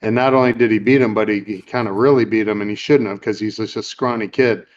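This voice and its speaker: A man's voice: fairly low pitch, steady tone, quick pace, slight background noise. A man hosting a podcast, retelling a film scene in casual chat, rambling with plenty of fillers. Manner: rambling, with many fillers and acted-out quotes. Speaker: podcast host. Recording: dull lo-fi recording.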